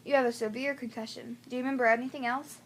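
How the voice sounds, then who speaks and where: A woman doing a calm male doctor. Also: a little high, fast talker. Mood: reassuring.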